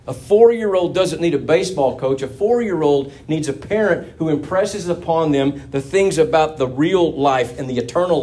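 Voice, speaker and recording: A man's voice: fairly high pitch, dark tone. A man preaching a sermon to his congregation in a conversational, folksy manner, with asides to the listeners.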